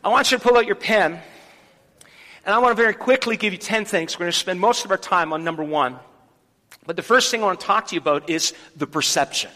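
A man's voice: high-pitched, fast. A man preaching a sermon as pastor in a church, rallying the congregation to repeat a verse aloud. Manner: leads the congregation in loud call-and-response. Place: church sanctuary. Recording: long hall reverb.

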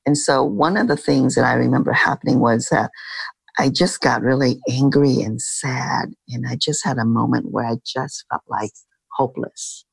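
A middle-aged woman guest in an interview, speaking in a halting, reflective way with many fillers. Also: extremely low pitch, creaky, slightly rough, no room sound. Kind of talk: casual interview talk.

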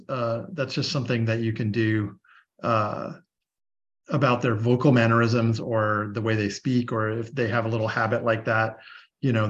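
Guy explaining stuff calmly, muffled lo-fi audio. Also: mid-range voice. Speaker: panelist. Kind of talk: casual discussion. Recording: dull lo-fi sound.

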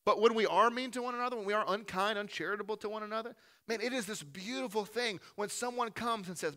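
A male pastor delivers an earnest sermon in a church room, his voice bright and forceful. He sits a little higher than most men and swings from loud emphatic peaks to hushed, low asides. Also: fast talker. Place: church room with a gathered congregation.

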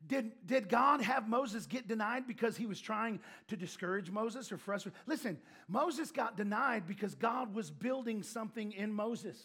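A man preaching a sermon, telling stories with animated delivery and shouting out lines for emphasis. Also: high-pitched, normal speed, few pauses, slightly rough.

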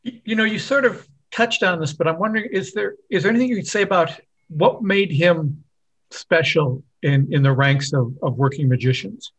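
A man interviewing a magician, asking halting, searching questions. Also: a little high, a bit bright, slightly rough, poor audio.

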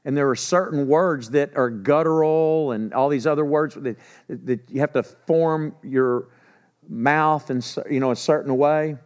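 A man's voice: on the high side, measured pace. A man preaching a sermon, retelling scripture casually and acting out the dialogue.

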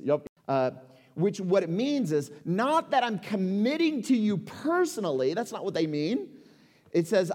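A man's voice: a little high, sing-song, unhurried, a little mellow. A man in his forties preaching a sermon, conversational and emphatic, asking rhetorical questions. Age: 40s. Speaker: pastor. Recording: long reverb of a large hall.

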